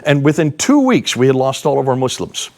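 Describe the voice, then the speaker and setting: A man in his sixties giving a seminar talk, telling lively, emphatic anecdotes to a live audience. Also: mid-range voice, a little fast. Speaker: seminar speaker. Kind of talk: animated storytelling lecture.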